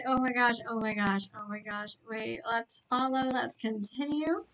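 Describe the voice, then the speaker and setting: A woman live-streaming a game, chatting to viewers in an excitable, gushing way full of gasps and exclamations. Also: fairly high pitch, unhurried, hardly any pauses, recorded from a distance, poor audio.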